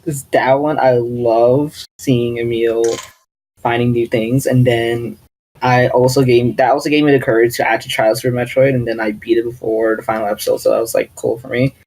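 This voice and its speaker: A young man chatting earnestly and slowly on a group podcast. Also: medium pitch, little pitch movement, darkish tone, slight background noise, rough recording. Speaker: podcast co-host. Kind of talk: casual group chat.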